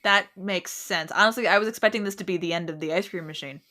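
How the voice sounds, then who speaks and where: Relaxed woman rambling on a podcast. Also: on the low side, fast talker. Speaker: podcast co-host. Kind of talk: casual podcast chat.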